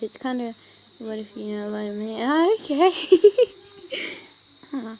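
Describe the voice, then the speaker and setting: A woman's voice: a little high, lively intonation, takes it slowly, long pauses, warm tone, a little hiss or hum, low-quality recording. A woman casually reading online stories aloud, giggling often and breaking off into chatty asides. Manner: giggly, breaks off to laugh and ramble.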